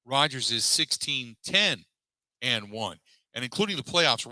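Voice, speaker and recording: Broadcasting live from a pub, a sports radio host recaps a press conference and rattles off statistics conversationally, using lots of fillers. His medium-pitched voice is bright and forceful. The recording is rough, with no room sound.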